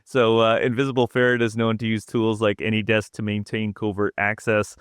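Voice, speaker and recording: Man, podcast co-host, reads notes, smooth clear voice, dry close sound. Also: on the low side, little pitch movement, fairly quick, dry recording. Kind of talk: reading prepared intel notes.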